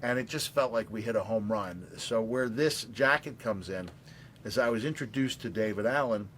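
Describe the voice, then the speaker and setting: A middle-aged man with a somewhat low voice tells long, rambling stories in a casual way. He often stops on fillers and restarts his sentences. A faint noise sits under his voice. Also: moderate pace, a bit bright. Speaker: guest storyteller at an auction. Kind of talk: casual storytelling.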